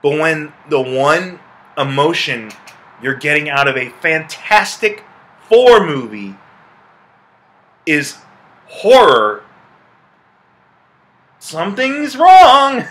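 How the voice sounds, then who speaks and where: A man reviewing a film in a casual, animated way, exasperated and swearing, with laughing asides. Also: on the high side. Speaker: movie reviewer.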